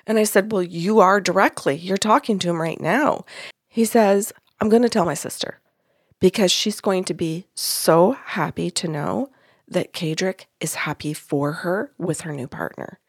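A woman hosting a podcast tells a story in a relaxed, lively way and voices what others said without changing her own sound. The recording is dry and close, with no room echo. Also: fairly low pitch, moderate pace, slightly rough. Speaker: podcast host and medium. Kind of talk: casual storytelling.

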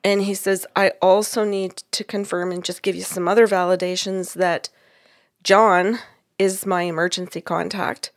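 A woman's voice: medium pitch, moderate pace, no echo, clean studio sound. Chatty woman telling a story. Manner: animated, laughs often, quotes others in dialogue. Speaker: psychic medium, podcast co-host. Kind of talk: casual storytelling chat.

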